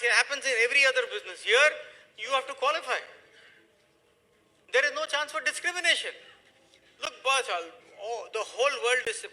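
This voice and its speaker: A middle-aged man giving a motivational business talk, emphatic and preachy, swinging between loud and hushed. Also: high voice, poor audio. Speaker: motivational speaker.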